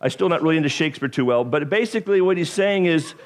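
A man preaching a sermon, animated and joking, with self-deprecating asides and frequent stumbles and restarts. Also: on the high side, fast talker. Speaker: pastor.

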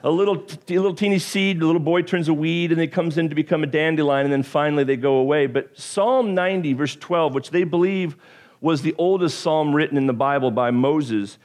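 A man preaching a sermon, animated and joking, with self-deprecating asides and frequent stumbles and restarts. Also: a little high, a little fast. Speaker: pastor.

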